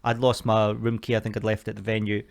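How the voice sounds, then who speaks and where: A man's voice: fairly low pitch, monotone, fast talker, gravelly. A young man, a comedian co-hosting a podcast, trading dry, teasing banter and telling anecdotes.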